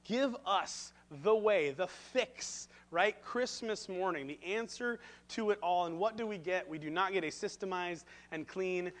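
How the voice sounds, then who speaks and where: A man with a notably high voice delivers a sermon as pastor. He tells stories animatedly and pokes fun at himself before moving to the point. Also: a little slow, hardly any pauses. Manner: self-deprecating, animated storyteller. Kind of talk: sermon with humorous storytelling.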